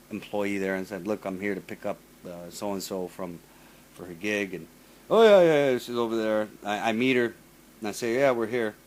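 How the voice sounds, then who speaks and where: A man's voice: lowish voice, slight background noise. A man hosting a casual chat, telling a long story full of profanity, repeating himself and mimicking the people in it. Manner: profane, animated, restarts often, mimics others. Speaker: podcast host.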